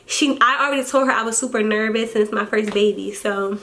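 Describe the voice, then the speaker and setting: A woman's voice: a little high, a little fast, fairly bright tone. A young woman vlogging casually, a first-time mom venting candidly and swearing, her voice getting teary as she tells the story.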